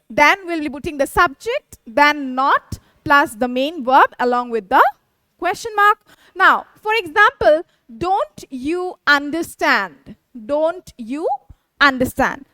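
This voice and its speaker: A woman teacher explaining English grammar, reading out example sentences slowly and checking in with "yes" and "okay". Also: very high voice, pushed and bright, dry recording. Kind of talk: classroom grammar lesson.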